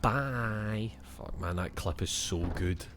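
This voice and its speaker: A man's voice: on the low side, slow pace, background noise. A young Scottish man playing a video game and thinking aloud in casual, swear-filled commentary. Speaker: gaming streamer.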